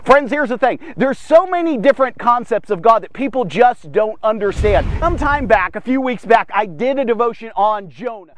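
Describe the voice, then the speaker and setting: A man with a very high voice preaches a Bible devotional for his podcast. He retells the story with emphatic asides, checking in with "okay?" again and again. The sound is dry and close, with no room around it. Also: no room sound. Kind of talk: sermon-style Bible devotional.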